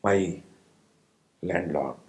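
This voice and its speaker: A man with an Indian accent giving a slow, pausing spiritual discourse to meditators, often asking his listeners if they follow. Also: sits low, darkish tone, rough recording. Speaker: spiritual teacher.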